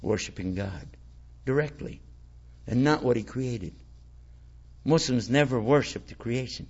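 A man's voice: mid-range voice, unhurried, darkish tone, slightly rough. A man giving an informal religious talk in a folksy, conversational way, asking his listeners rhetorical questions. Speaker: Islamic preacher. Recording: lo-fi dull recording.

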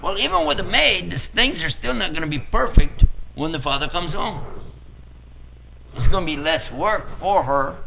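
A man's voice: high-pitched, expressive, normal speed, vocal fry. An older man preaching a storytelling sermon, vividly telling a family story and acting out the people in it. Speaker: Islamic preacher. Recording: tinny phone-like lo-fi recording, faint hiss.

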